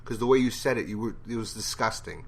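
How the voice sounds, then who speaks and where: Man, casual tv review, rambling and blunt, swears freely, lowish voice. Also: quick pace, vocal fry, slightly rough. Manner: blunt, profane, rambling opinions. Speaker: TV show reviewer.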